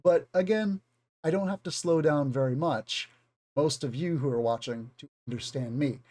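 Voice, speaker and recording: A man's voice: on the high side, normal speed, darkish tone. A man with a Southern US accent, an English teacher giving an unscripted, rambling video lesson. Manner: rambling, conversational, self-aware.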